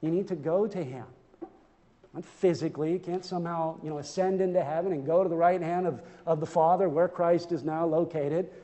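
A high-pitched man preaches an earnest, emphatic sermon, stumbling over repeated words as he presses each point. His voice rings through a church sanctuary with a long trailing reverb. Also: fairly even intonation, brisk, mellow, dull audio. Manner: earnest, emphatic, with frequent stammered restarts.

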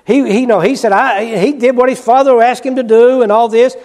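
High-voiced preacher in a reverberant hall. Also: male voice, steady tone. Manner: swings between loud, quick emphasis and hushed, slow passages; repeats key phrases for emphasis. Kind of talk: sermon. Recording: long reverb of a large hall.

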